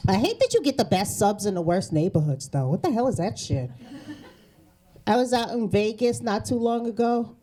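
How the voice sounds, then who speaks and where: A woman's voice: mid-range voice, sing-song, normal speed, mellow. A woman comedian doing a brash, profane stand-up set from the East Coast. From New England. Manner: brash, profane, sarcastic punchlines. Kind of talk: stand-up set before a live audience. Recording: stage mic with audience laughter.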